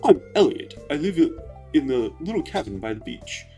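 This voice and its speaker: A flowery, romantic young gentleman with a grand, theatrical delivery, as a man imitates him. He is pitched well above the performer's own voice and speaks loudly, with guitar music behind. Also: big pitch swings, moderate pace. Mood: grandiose. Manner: theatrical, pompous.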